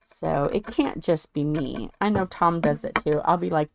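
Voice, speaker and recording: A woman's voice: low voice, moderate pace, gravelly, few pauses, slight background noise. A woman with a stuffy head cold chatting casually with viewers while she works on a craft, rambling and tripping over some words. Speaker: diamond painting channel host.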